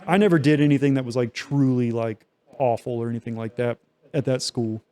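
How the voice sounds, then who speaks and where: A man's voice: medium pitch, fairly even intonation, a little fast, dark tone. A young man co-hosting a podcast, telling a long story in loose, profane casual chat with many fillers. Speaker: podcast co-host.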